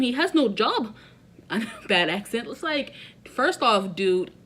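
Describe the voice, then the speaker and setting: Sassy young woman recapping reality TV. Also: mid-range voice. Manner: sassy, opinionated, slangy. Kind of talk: casual reaction recap.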